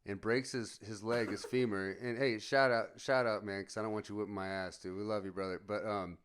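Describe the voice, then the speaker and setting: A man's voice: on the low side, steady tone, fairly quick, fairly bright tone, smooth. Man in his forties, crude storyteller who keeps laughing and acts out each quote. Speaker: podcast co-host. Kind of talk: casual storytelling chat.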